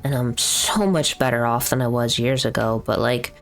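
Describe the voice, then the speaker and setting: A man's voice: medium pitch, moderate pace, gravelly, a bit bright, soft background music. A young man talking casually on a live stream, venting in a rambling, profane way with lots of fillers.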